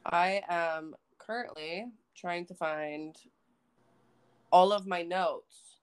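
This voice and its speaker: A young woman co-hosting a podcast while she has a cold, trading blunt, swear-filled jokes and mock rants. Her voice sits fairly low and stays smooth and clear despite the cough. She sounds casual and unfiltered. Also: fairly even intonation, slow. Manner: blunt, swears freely, playful mock ranting. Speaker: podcast co-host. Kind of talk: casual chat.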